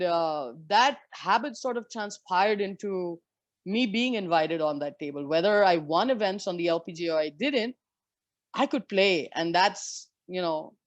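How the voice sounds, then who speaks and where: A woman in her forties from India talks as an interview guest. She tells frank, lively stories and swears now and then. Her voice sits at a middle pitch, and the sound is dry and close. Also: dry recording, highs cut off. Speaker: interview guest, former professional golfer. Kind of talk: storytelling in a conversation.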